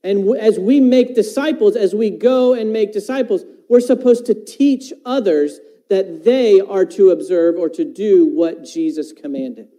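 A man delivers a sermon in a fairly high voice with a deeply mellow, dark tone. He talks earnestly, circling back on his phrases and posing rhetorical questions to his listeners. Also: measured pace, hardly any pauses. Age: adult parent. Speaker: preacher.

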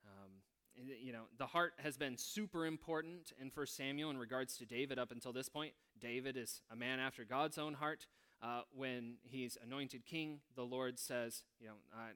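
A man leading a prayer and then teaching a Bible passage in a relaxed, conversational way, musing aloud with wry asides. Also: medium pitch, normal speed, clear, resonant tone.

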